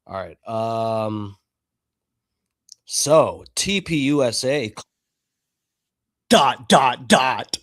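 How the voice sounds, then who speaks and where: A man's voice: mid-range voice, lively intonation, very slow, long pauses, fairly bright tone. A man hosting a live stream, chatting casually and swearing freely as he talks to his viewers. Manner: chatty, profane, talks to chat. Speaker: livestream host.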